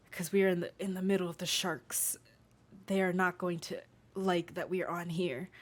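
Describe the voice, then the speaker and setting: A woman voicing a weary, wounded male ship captain who talks in hushed, sighing tones. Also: fairly low pitch. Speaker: game master voicing a character.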